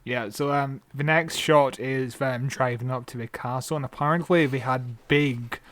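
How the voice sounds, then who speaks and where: A man's voice: medium pitch, steady tone, normal speed, fairly bright tone, no room sound. A man co-hosting a podcast in casual chat, often laughing and making jokey critiques. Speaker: podcast co-host.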